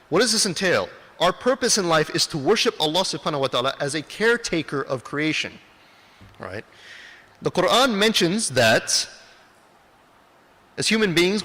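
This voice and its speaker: A man's voice: fairly high pitch, sharp tone. A man gives a lecture presentation, putting questions to the audience and answering them himself. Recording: long reverb of a hall.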